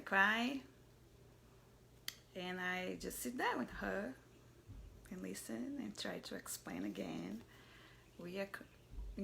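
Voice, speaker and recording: A mother telling a personal story in a soft, halting voice that often drops to a whisper. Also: mid-range voice, vocal fry, a little hiss or hum. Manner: halting, searching for words.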